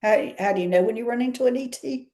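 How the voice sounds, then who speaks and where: Speaking fast in a slightly high, warm voice, this woman with a Southern US accent is a guest in a casual interview. She tells stories, chats freely, and frequently laughs.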